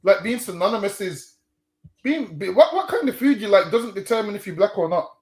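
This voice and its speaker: A man with a high voice preaches on the street in an emphatic, chatty way. He keeps coming back to "listen" and "man". The sound is roomy and echoey. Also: lively intonation, fairly quick.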